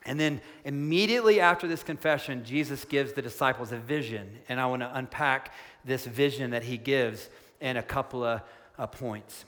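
A middle-aged male pastor preaching a sermon, earnestly, slowing down for emphasis and speeding up in excited asides. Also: mid-range voice. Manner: earnest, shifts between soft slow emphasis and quick excited asides. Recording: long hall reverb.

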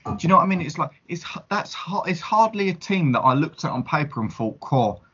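A man's voice: on the high side, expressive, fast talker, a bit bright, husky, lo-fi sound. A man co-hosting a casual football podcast, talking in an emphatic, rambling way with many restarts. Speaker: podcast co-host. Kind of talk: casual chat.

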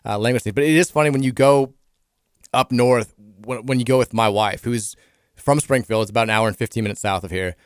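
A man in his thirties with a Kentucky accent and a medium-pitched voice hosts a casual sports radio talk show. He's chatty and quick, frequently restarting his sentences, on a dry, studio-quality recording.

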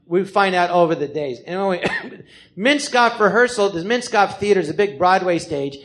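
A man's voice: high voice, moderate pace. A man in his fifties from California, telling a live story on a theater stage with lots of swearing, acting out the people he quotes. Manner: animated, profane, acts out the people he quotes.

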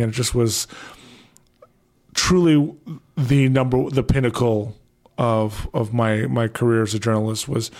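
A man with a Canadian accent, hosting his last radio show in a studio and telling stories in a rambling, excitable way with many restarts. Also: medium pitch. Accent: Canadian English. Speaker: departing radio show host. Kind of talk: casual radio interview.

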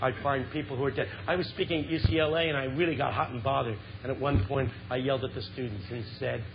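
A man in his fifties giving a humorous, impassioned sermon, swinging from shouts to hushed lows. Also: fairly even intonation, quick pace, gravelly, music in the background. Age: 50s. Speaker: Christian speaker. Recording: muffled lo-fi with background hiss.

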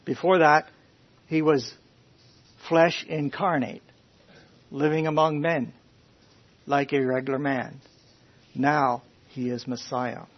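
A man preaching a conversational sermon to a Bible class, questioning his listeners in a folksy, animated way. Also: fairly high pitch, takes it slowly, pauses often. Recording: dull lo-fi recording.

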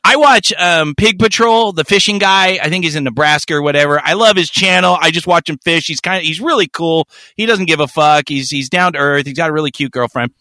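Bright-voiced man telling a profane story. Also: a little high, fairly quick, hardly any pauses, no echo. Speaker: podcast co-host. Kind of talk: casual chat, storytelling.

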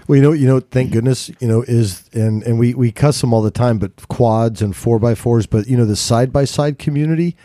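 Man, mellow dark voice, rambling and frank, dry close sound. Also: medium pitch, a little fast, few pauses, dry recording. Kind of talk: casual panel discussion.

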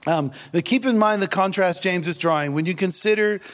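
A man preaching a sermon in a relaxed, conversational way, joking and laughing at himself. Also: high-pitched, a little fast. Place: church hall. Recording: long hall reverb.

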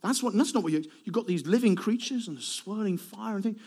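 A middle-aged male preacher giving a sermon, animated, asking rhetorical questions and swinging between loud emphasis and soft asides. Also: high voice, fairly quick, few pauses, husky.

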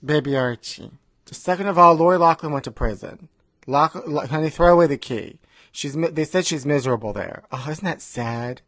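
A man's voice: on the high side, normal speed, fairly bright tone, no room sound. A man co-hosting a comedy podcast from home, chatting in a campy, gossipy way and calling his co-host honey. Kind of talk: casual comedic chat. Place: recording remotely.

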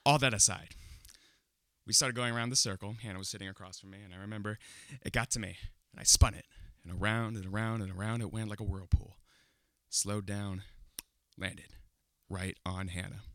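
A young man telling a funny personal story to an audience, animated and often breaking into laughter as he builds the tension. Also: fairly low pitch, fairly quick, no echo, clean studio sound.

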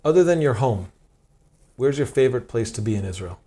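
A man's voice: mid-range voice, expressive, brisk, dark tone. A man hosting a casual interview podcast, asking playful questions and laughing easily with his guest. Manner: playful, laughs often, teasing follow-up questions.

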